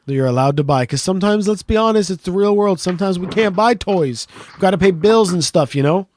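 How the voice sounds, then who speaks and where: A middle-aged man co-hosting a podcast, telling stories in animated casual banter and swearing freely. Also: sits high, brisk, no echo. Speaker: podcast co-host.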